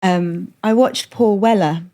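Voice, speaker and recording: A middle-aged woman from London with a middle-class English accent, a comedian telling candid stories as a podcast guest, animated and full of jokey asides. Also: medium pitch, slow. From London, England. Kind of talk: candid conversational storytelling.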